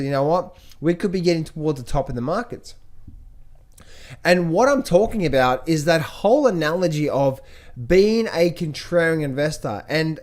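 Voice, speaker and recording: A man coaching viewers on trading in a casual, energetic talk, often repeating himself and restarting his sentences. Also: a little high.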